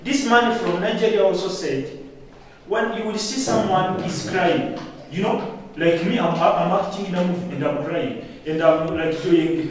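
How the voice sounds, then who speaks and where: A young man speaking as a student debater in a classroom debate, arguing in a halting way. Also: sits high, animated. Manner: argumentative, halting. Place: university classroom. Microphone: distant room mic. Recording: echoey room, from far off.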